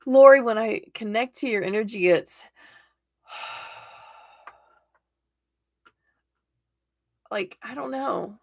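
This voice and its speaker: A woman's voice: a little high, very slow, creaky, pauses often, a little mellow, no room sound, studio quality. A woman hosting a live tarot stream, chatting casually and encouragingly and laughing often. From United States.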